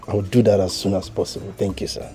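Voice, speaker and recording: A man's voice: low voice, flat delivery, quick pace, warm tone, close to an everyday voice. An actor playing a polite young suitor with a Nigerian accent who thanks the uncle and asks to marry his niece. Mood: earnest. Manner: polite, deferential.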